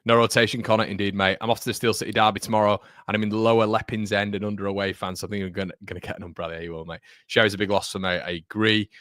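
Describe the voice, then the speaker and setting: A man's voice: lowish voice, little pitch movement, rapid-fire, hardly any pauses, a bit bright, no echo, clean studio sound. A man hosting a casual live football watchalong, chatting with viewers and calling them mate. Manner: chatty, reads chat aloud, calls viewers mate. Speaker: livestream host.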